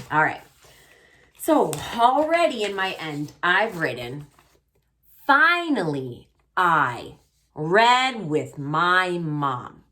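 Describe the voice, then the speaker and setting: Low-pitched woman, kindergarten teacher, slow and careful, sounds out letters, expressive read-aloud. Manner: exaggerated expressive reading aloud. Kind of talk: remote writing lesson for young children. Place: home, recorded for online class. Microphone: camera.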